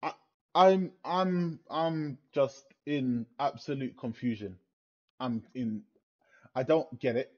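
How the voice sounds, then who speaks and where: A man's voice: medium pitch, takes it slowly, darkish tone, highs cut off. A young man in a furious, swear-filled rant after a football match, repeating himself in disbelief. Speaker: football fan vlogger. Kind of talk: angry post-match rant.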